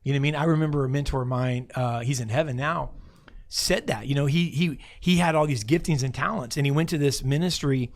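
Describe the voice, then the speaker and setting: A man hosting a faith talk show, telling stories in a lively way with many restarts. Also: medium pitch, a little fast. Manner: animated storytelling with many restarts. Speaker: host.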